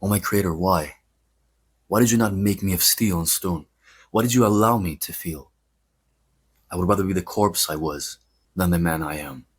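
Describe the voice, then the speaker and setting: A tormented monster grieves over his maker, voiced by a Greek-accented man. The delivery is dramatic and pleading. The voice stays deep and husky, close to a reader's own. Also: moderate pace, long pauses. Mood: anguished. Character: anguished male monster lamenting his creator.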